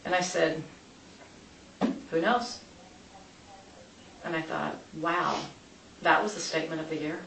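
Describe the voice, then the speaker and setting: A woman with a low, gravelly voice recounts events in a police interview, rambling and chatty and always jumping to the next thread. She sits at a distance from the mic in a roomy, echoing space. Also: a bit bright. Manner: rambling, chatty, quick to change course. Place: interview room. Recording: echoey room, distant mic, light noise.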